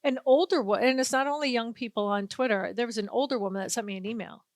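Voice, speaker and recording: A woman with a fairly high voice hosts a sports talk show, chatting casually. She tells stories with animated quotes from the people involved. The sound is close and dry. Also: fast talker, no echo. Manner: animated storyteller, acts out quotes. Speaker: sports radio host. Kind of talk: casual chat.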